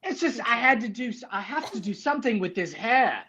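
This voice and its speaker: A man's voice: very high-pitched, big pitch swings, a little fast, sharp tone, slight background noise, low-quality recording. A man hosting a livestream, chatting playfully and teasing his guest while putting on a silly accent. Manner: jokey, put-on silly accent, teasing banter. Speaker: livestream host.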